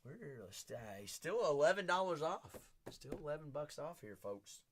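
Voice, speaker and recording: A man hosting a live-streamed card break, chatting with viewers by name, teasing them, and breaking into hype shouts as he talks through teams while standing. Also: on the high side, sing-song, a little slow. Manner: hype-driven, bursts into shouts. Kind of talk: live-stream auction patter.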